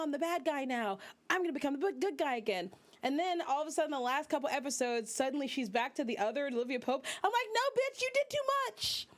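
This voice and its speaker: A young woman VTuber host giving casual, profane, animated commentary, exclaiming as she rants. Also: sits high.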